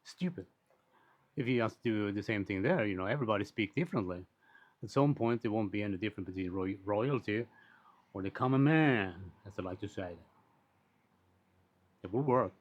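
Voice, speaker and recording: A man's voice: fairly low pitch, animated, moderate pace, long pauses. Blunt, swearing man ranting on a dull recording. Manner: blunt, rambling, swears freely. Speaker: commentator on social issues. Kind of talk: casual unscripted monologue.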